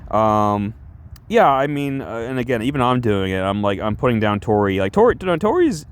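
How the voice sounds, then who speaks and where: A male streamer chats casually on a livestream, rambling and self-conscious, restarting half his sentences. His voice sits at an ordinary mid pitch. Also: big pitch swings, fairly quick, smooth.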